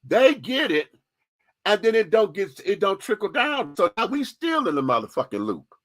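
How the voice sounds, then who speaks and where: Sassy, emphatic man with lively pitch. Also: moderate pace, no room sound. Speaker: radio show host. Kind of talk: candid opinion monologue.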